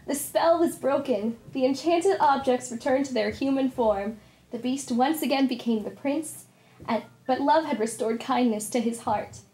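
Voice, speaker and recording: A woman's voice: fairly high pitch, a little mellow, natural voice. Belle, a woman playing a sweet storybook princess. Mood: storytelling. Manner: sweet, slow teacherly cheer. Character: gentle storybook princess, young woman, kind. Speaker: party character performer. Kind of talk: storytime narration to children.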